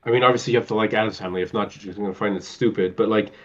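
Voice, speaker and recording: A man's voice: fairly low pitch, steady tone, very fast. A man in casual chat, rambling and searching for names as he retells film scenes. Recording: muffled lo-fi recording.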